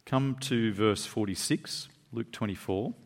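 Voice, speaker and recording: A man preaching a sermon to his congregation, reading scripture aloud and pressing his points with quick asides. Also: vocal fry, big-room sound. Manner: animated preaching, pitch rising and dropping for emphasis, quick asides. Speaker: pastor.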